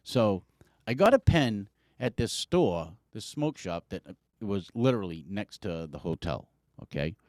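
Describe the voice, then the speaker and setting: A middle-aged man, a podcast co-host, telling a long story in casual chat, profane and animated, acting out what people said. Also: fairly low pitch, measured pace, no echo, clean studio sound. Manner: animated, profane, acts out quotes.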